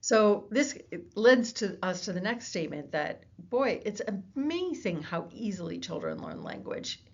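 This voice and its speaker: A woman giving a recorded lecture, her voice low-pitched and gravelly with noticeable fry. She explains things patiently, often pausing on fillers and restarting sentences. The recording sounds dull and lo-fi. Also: wildly swooping pitch. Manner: explanatory, with fillers and self-corrections. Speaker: psychology lecturer.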